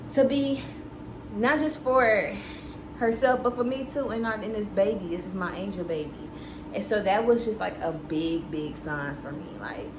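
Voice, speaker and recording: A young woman telling a candid, chatty story to her viewers, swearing freely as she goes. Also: on the low side. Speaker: vlogger. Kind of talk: casual storytime chat. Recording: echoey room with background noise.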